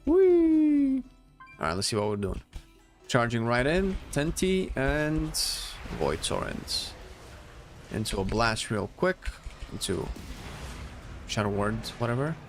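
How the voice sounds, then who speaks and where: A man giving casual commentary while playing a game, animated and swearing as he plays. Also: mid-range voice, unhurried, long pauses, soft background music. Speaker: gaming streamer.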